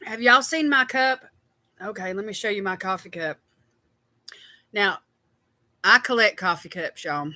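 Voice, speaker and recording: Chatty woman, bright voice. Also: medium pitch, measured pace, long pauses, no room sound. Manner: chatty, greets viewers by name. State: tired. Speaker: skincare livestream host. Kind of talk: casual livestream chat.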